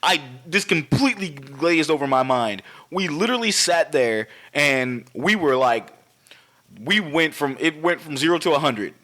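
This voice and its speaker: Man, podcast co-host, casual chat, animated, heavy swearing, bright forceful voice. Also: fairly high pitch, moderate pace.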